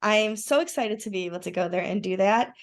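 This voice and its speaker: A woman's voice: mid-range voice, a little fast. A woman chatting as a guest, enthusiastic and rambling with many restarts. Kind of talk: casual conversation.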